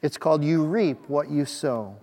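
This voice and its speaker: A man's voice: fairly high pitch, unhurried. Preaching man in a reverberant church. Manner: emphatic preaching, swinging between loud and soft. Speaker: pastor. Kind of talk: Christmas sermon with a read-aloud story. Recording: long hall reverb.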